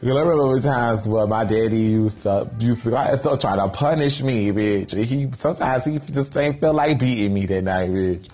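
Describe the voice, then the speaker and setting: A man's voice: medium pitch, moderate pace, hardly any pauses, dark tone, faint music behind. Sassy, profane man telling a story. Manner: sassy, profane, theatrical, constant "bitch" and "girl" asides. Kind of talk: casual storytime monologue.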